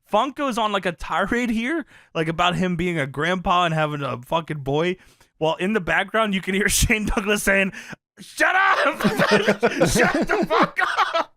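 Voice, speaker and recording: A man casually recapping an old wrestling show, swearing freely, laughing often and loudly acting out the quotes. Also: high-pitched, expressive, normal speed, dry recording. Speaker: podcast co-host recapping wrestling.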